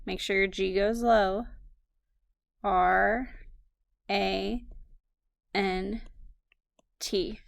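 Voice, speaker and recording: A woman teaching a recorded phonics lesson, slowly dictating words and spelling them out letter by letter. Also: mid-range voice, gravelly, no echo, clean studio sound.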